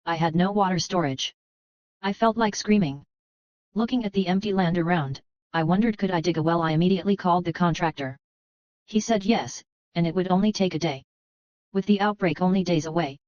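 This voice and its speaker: A woman narrating a first-person story in a steady, even reading voice. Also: lowish voice, no room sound, muffled recording. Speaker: audiobook narrator.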